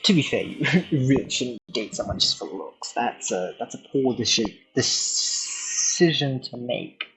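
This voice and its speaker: A man chatting casually as a YouTuber, excitable, laughing often and swearing. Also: mid-range voice, unhurried, faint music behind, poor audio. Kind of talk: casual commentary on chatbot chats.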